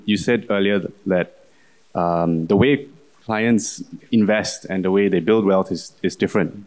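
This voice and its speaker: A man's voice: lowish voice, a little mellow. A man answering on a conference panel, candid with wry, sarcastic asides. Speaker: panelist, company country manager.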